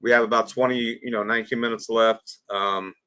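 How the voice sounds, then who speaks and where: A man with a fairly low voice hosts a casual livestream and asks viewers for questions. He sounds friendly and easygoing, poking fun at himself now and then. The sound is dry and close. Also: fairly even intonation, a little fast, pushed and bright, smooth, dry recording. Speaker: livestream host.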